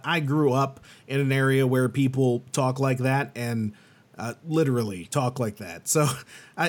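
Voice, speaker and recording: An American man co-hosting a podcast, chatting casually with emphatic opinions. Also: mid-range voice. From United States. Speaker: podcast co-host.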